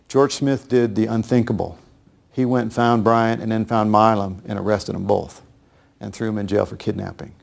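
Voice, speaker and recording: A man telling a true story to listeners in a grave, measured way. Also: on the low side, vocal fry, darkish tone. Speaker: speaker recounting history. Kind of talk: storytelling lecture.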